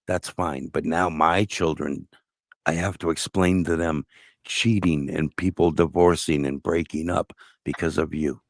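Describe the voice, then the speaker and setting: Gravelly low-voiced man, blunt and profane. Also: steady tone, unhurried, no room sound, studio quality. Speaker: guest telling his life story. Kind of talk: casual conversation.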